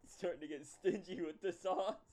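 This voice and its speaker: A man's voice: sits high, fairly even intonation, a little fast, a little mellow. A man co-hosting a casual podcast, giggling, swearing and riffing on jokes. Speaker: podcast co-host. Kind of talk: casual prank-call podcast chat.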